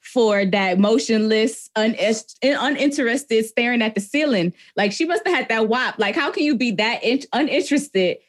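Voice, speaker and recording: A woman's voice: on the high side, animated, moderate pace, hardly any pauses. Woman, podcast host, casual movie talk, laughs a lot, acts out lines. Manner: laughs often and acts out quotes. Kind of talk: casual chat about a movie.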